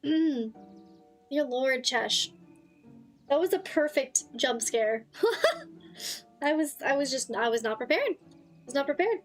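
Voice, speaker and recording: High-voiced, excitable streamer woman. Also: takes it slowly, long pauses, faint music behind. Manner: excitable, swears freely, reacts loudly to the game. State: tired, slightly strained voice. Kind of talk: casual gaming livestream chat.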